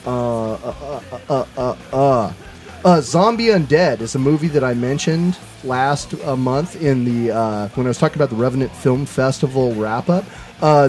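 A man's voice: mid-range voice, darkish tone. Guy doing podcast plugs, uh uh uh, easygoing middle voice, faint music. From Seattle area. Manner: rambling, heavy on "uh" fillers. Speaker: podcast co-host. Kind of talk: casual chat and plugs.

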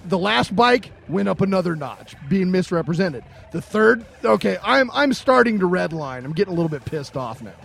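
A man's voice: high voice, sing-song, moderate pace, gravelly, hardly any pauses, a bit bright, slightly rough. A middle-aged man co-hosting a podcast, telling a long anecdote in a casual way, acting out the other people's lines and laughing often. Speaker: podcast co-host. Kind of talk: casual storytelling.

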